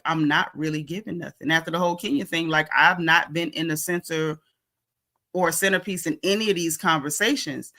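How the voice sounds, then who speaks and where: A woman hosts a live stream, talking casually and bluntly about a reality show and greeting viewers in the chat. She's chatty and opinionated, leaning heavily on "you know" and "like," in a fairly low, sharp-toned voice.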